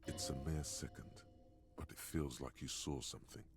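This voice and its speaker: A man voicing a brooding inner-voice narrator in a video game, low and confiding, musing over what the player has seen. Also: fairly even intonation, moderate pace, faint music behind.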